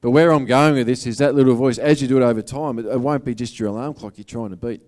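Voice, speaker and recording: A man's voice: mid-range voice, steady tone, fast talker, a little mellow. A man with an Australian accent giving a motivational talk to an audience, in a casual, earnest, conversational way. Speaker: motivational speaker.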